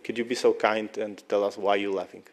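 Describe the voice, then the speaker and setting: Halting man. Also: fairly low pitch, level tone, big-room sound. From Poland. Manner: halting, repetitive, formal non-native English. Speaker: politician at press conference. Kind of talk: press conference exchange.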